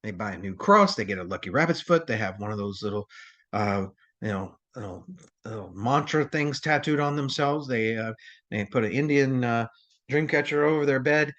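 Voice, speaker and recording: A man's voice: medium pitch, lively intonation, moderate pace, a bit bright, highs cut off. A man teaching a crisis response training lecture in a rambling, conversational way, with many fillers and restarts.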